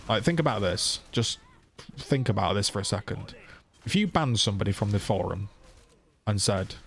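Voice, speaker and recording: A man's voice: on the low side, expressive, moderate pace. A man streamer ranting heatedly to his viewers, swearing and firing off rhetorical questions. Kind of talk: casual live-stream rant.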